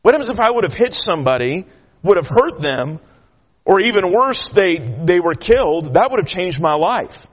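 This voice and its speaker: A man's voice: sits high, very animated, normal speed. A man preaching a sermon, telling a personal story in a folksy way with many filler sounds. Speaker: pastor. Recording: long hall reverb.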